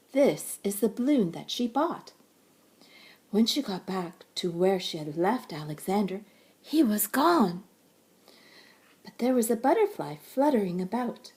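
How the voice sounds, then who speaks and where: Gentle, breathy woman reading to children. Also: medium pitch, sing-song, a little slow. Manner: gentle, warm-toned teacherly narration. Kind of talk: read-aloud storytelling for children.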